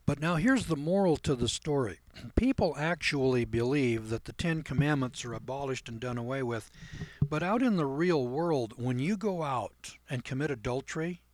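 A man telling a story to a class in a folksy way, clearing his throat often and acting out both sides of the dialogue. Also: medium pitch, lively intonation, moderate pace. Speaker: seminar speaker telling a story. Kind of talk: storytelling lecture.

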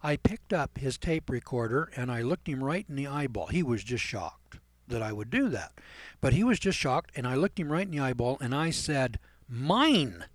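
A man telling a story to a class in a folksy way, clearing his throat often and acting out both sides of the dialogue. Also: medium pitch, lively intonation, moderate pace, no room sound. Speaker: seminar speaker telling a story. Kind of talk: storytelling lecture.

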